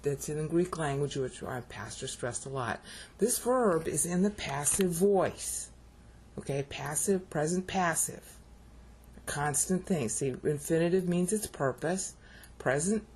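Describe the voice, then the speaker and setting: Low husky woman teaching casually. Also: darkish tone. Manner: explanatory, keeps checking in with "okay?". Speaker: YouTuber explaining Bible Greek.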